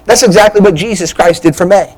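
A man's voice: sits high, fast, slightly rough, poor audio. A man preaching a sermon as a pastor, emphatic and repetitive, often restarting his phrases.

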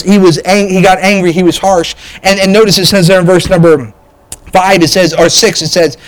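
A man's voice: high voice, rough recording. A pastor, a man, preaching a sermon with emphatic bursts, frequent restarts and direct appeals to the congregation.

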